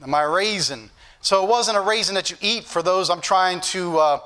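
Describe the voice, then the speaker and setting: A man's voice: sits high, normal speed, sharp tone, clean tone. A man preaching a sermon as pastor, folksy and joking at times, then building to emphatic points. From northern United States.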